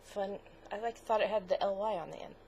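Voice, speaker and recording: A woman's voice: medium pitch, fairly quick, darkish tone, a little hiss or hum. A middle-aged woman co-hosting a crafts podcast in casual chat, gushing, chatty and easily moved. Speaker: podcast co-host.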